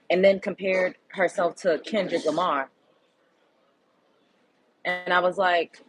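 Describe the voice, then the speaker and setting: A woman's voice: lowish voice, normal speed, a little hiss or hum, low-quality recording. A woman hosting her own show, telling a personal story in a candid, emphatic and blunt way. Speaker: show host. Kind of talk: casual storytelling monologue.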